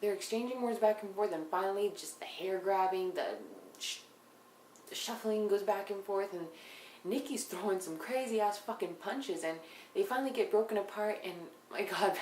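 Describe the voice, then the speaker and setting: Blunt young woman, profane casual recap. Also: fairly low pitch. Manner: blunt, swears often, drops into hushed asides. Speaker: reality TV recapper. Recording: echoey room, faint background noise.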